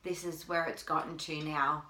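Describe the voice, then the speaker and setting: A mother talking to camera in a halting way, with long pauses, holding back tears. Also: low voice, little pitch movement, pushed and bright. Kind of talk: personal video appeal. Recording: echoey room.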